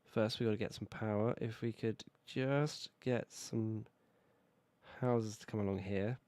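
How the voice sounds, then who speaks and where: Low-voiced hoarse British man streaming a game. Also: measured pace, no echo. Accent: British English. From Britain. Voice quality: relaxed, rambling, self-correcting. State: hoarse from a cold, coughing. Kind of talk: casual gameplay commentary.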